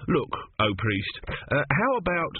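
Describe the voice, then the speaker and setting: A man's voice: fairly high pitch, wildly swooping pitch, measured pace, slightly rough, no echo, voice pushed up, heavily acted. A man reading aloud, voicing a flustered male builder who wheedles and hesitates as he tries to sell. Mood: wheedling. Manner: hesitant, fawning sales talk. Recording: dry, tinny phone-like sound.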